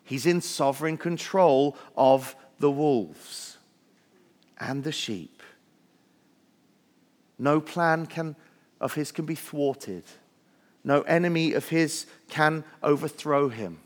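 A man's voice: a little high, slow, pauses often, big-room sound. A male pastor preaching a sermon in a church, earnest and building lists with rising emphasis. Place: church sanctuary.

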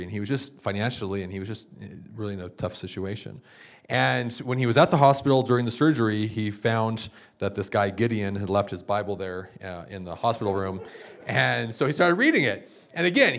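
A middle-aged male pastor giving a sermon in an animated, storytelling manner. He acts out other people's words as he goes, his voice lifting into excited bursts and then settling back into plain talk. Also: medium pitch.

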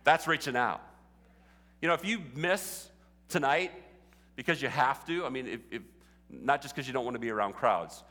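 Bright-voiced pastor preaching in a reverberant hall. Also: male voice, medium pitch, lively intonation, moderate pace, pauses often. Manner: conversational, building to fervent exhortation. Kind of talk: sermon. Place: church sanctuary. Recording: long reverb of a large hall.

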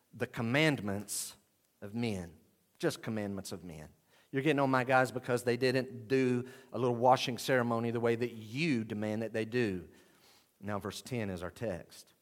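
A man's voice: mid-range voice, animated, normal speed, a bit bright. Emphatic male preacher. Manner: emphatic, voices the people in the passage. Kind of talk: expository sermon.

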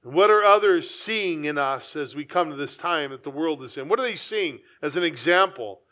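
Man, pastor, sermon, high voice, earnest conversational preaching. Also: lively intonation, moderate pace, pushed and bright.

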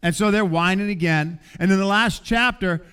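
Man in middle age, pastor preaching; slightly high voice, conversational and animated. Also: moderate pace, clear, resonant tone. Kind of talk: sermon.

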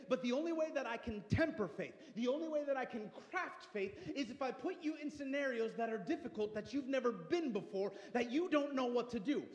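A man in his thirties preaching a passionate sermon as pastor, swinging between hushed and loud delivery. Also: high voice. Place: church sanctuary. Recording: echoey church hall.

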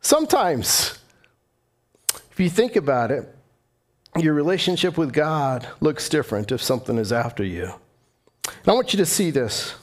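A man's voice: on the high side, big pitch swings, normal speed, pauses often. A middle-aged man preaching a sermon as pastor, earnest and climbing to impassioned emphasis.

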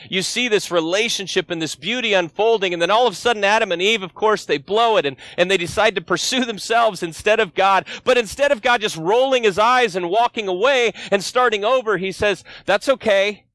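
A man's voice: sits high, brisk, fairly bright tone, dry recording. A man in his forties, a guest pastor preaching a sermon, telling a story earnestly and asking the congregation rhetorical questions.

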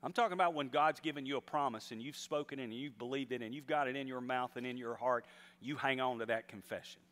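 Male pastor, mid-pitched voice, storytelling sermon with emphatic swells, long hall reverb. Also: quick pace, fairly bright tone. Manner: storytelling, rising to emphatic exhortation.

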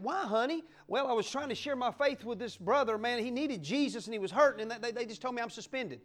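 Fiery high-voiced male preacher. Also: lively intonation, a little fast, faint music behind. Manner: fiery, exuberant preaching with whoops and acted-out little scenes. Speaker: pastor. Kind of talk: sermon.

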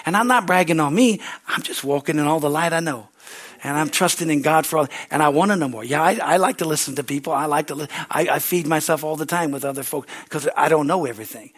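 Male pastor, fervent sermon, hallelujahs, raised fairly high voice. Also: quick pace. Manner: rising into excited preaching with hallelujahs.

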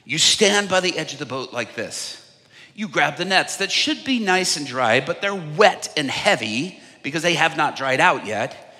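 A man's voice: on the high side, a little slow, long reverb tail, voice pushed down. A man doing a sarcastic weary fisherman. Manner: deadpan, sarcastic.

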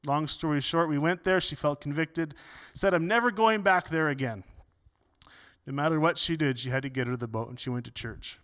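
A man preaching a sermon as pastor, earnest, often repeating words and swinging between loud and soft. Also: fairly high pitch, brisk.

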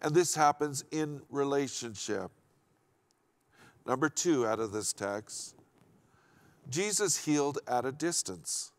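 A man's voice: mid-range voice, lively intonation, slow pace, long pauses. A middle-aged man preaching a sermon in an earnest, emphatic way, often repeating key phrases and restarting his sentences. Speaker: pastor.

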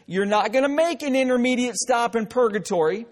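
A man's voice: extremely high pitch, brisk, few pauses. A male pastor preaching a sermon, emphatic and direct, often breaking in with "listen" and joking asides.

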